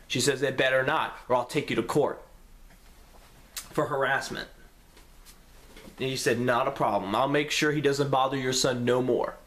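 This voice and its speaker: A young man vlogging a story to camera in a casual, profane, animated way, acting out what each person said. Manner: animated, profane, acts out quotes with pitch jumps.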